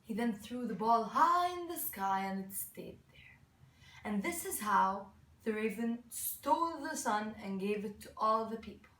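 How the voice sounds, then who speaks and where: A woman telling a folk story aloud, halting and restarting words, asking her listeners questions. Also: a little high, lively intonation, a bit bright. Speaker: student storyteller. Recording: echoey room, mic far off.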